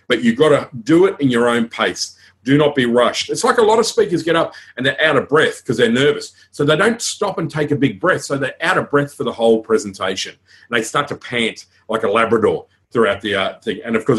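An Australian man coaches an audience on public speaking in a frank, energetic way. He moves briskly from tips to stories and throws in casual asides. His voice sits at a middling pitch for a man. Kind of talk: conference talk.

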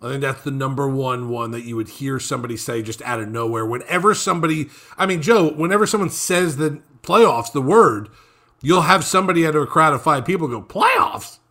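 Gravelly male sports co-host. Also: medium pitch, brisk, bright, forceful tone. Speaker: radio show co-host. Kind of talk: casual sports talk.

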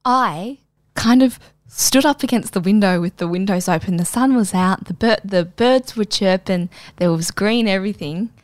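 A woman's voice: mid-range voice, normal speed, no room sound, studio quality. A young woman co-hosting a podcast, telling crude stories in casual chat with lots of laughter. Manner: lively, crude, laughing storyteller. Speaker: podcast co-host.

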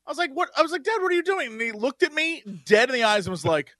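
A man's voice: very high-pitched, fast. A man co-hosting a podcast, chatting casually and acting out voices in his anecdotes. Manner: expressive, acts out voices in anecdotes. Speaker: podcast co-host. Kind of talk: casual chat.

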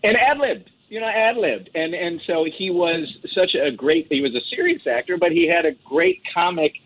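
A man's voice: high voice, very animated, normal speed, vocal fry, husky. A man chatting casually as a guest commentator, talkative with many restarts and fillers. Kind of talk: casual chat. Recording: lo-fi phone line.

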